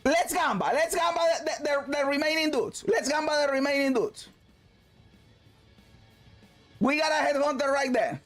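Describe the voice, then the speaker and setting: A man streaming a video game, commenting loudly, swearing and shouting at the game. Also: very high voice, a little fast, soft background music. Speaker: gaming streamer. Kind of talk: excited gameplay commentary.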